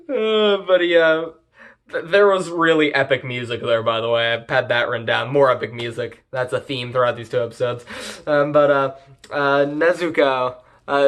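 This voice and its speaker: A man's voice: fairly high pitch, a bit bright. Crude, rambling young male reviewer. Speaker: anime reviewer. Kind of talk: casual profane recap.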